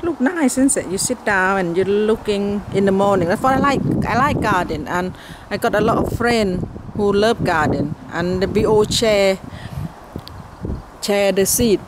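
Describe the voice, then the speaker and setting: A woman's voice: mid-range voice, a little slow, background noise. A Thai-accented woman, a native Thai speaker, giving a chatty tour of her home garden outdoors in simple broken English. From Thailand. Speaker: gardening vlogger.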